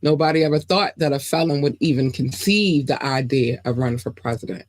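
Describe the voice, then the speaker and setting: A woman's voice: very deep voice, brisk, a little mellow, no room sound. Woman podcast host, casual news commentary, chatty asides, dry close sound. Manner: chatty, reads news aloud with frequent asides and questions.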